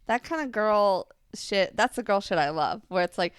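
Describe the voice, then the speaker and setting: Podcast co-host, woman in her twenties, upbeat and agreeable, mid pitch, dry close sound. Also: animated, clean tone, dry recording. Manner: enthusiastic, agreeable, quick back-channel replies. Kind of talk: casual chat.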